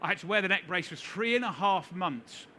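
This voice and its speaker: A middle-aged British man speaks at a seminar in a conference hall, telling a live audience a story full of wry, self-deprecating humor. His voice sits high and is brisk and sharp, and there's a little hiss or hum in the recording.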